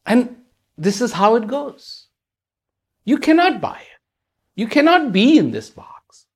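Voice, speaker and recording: Slow, reflective spiritual speaker. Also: medium pitch, very animated, slightly rough. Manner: rhetorical questions, repetition for emphasis.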